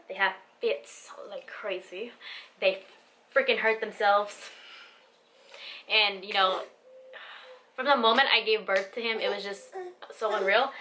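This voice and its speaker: Bright-voiced young woman vlogging. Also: medium pitch, slight background noise. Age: young adult. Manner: candid and heartfelt, swears casually, fillers like "like" and "you know". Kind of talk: casual talk to camera.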